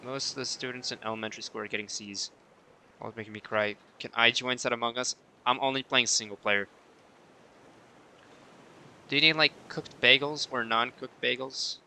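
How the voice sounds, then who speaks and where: A man's voice: mid-range voice, fairly even intonation, normal speed, vocal fry, sharp tone, clear, resonant tone. A man chatting casually on a live stream while he plays, reading viewer messages aloud and answering them playfully.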